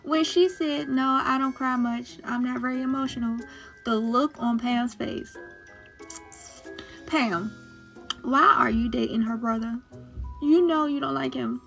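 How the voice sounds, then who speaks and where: A woman's voice: sits high, measured pace, gravelly, long pauses, fairly bright tone, faint music behind. A woman recapping a series episode in a casual chat, laughing often and teasing the characters as if she were talking to them. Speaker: show recap host. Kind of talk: casual reaction commentary.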